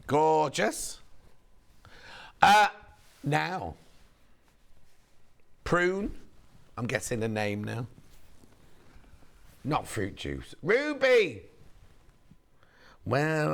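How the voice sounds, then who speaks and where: A hoarse man presenting on a shopping channel, chatting in a gossipy, rambling way between sales points. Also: medium pitch, very animated, extremely slow, long pauses, fairly bright tone. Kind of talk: casual live sales chat.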